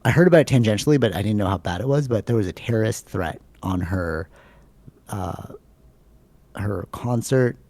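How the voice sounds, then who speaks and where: Male podcast co-host, low and gravelly, rambling casual talker. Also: normal speed, darkish tone, dry recording. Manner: rambling, filler-heavy, says "like" and "bro" a lot.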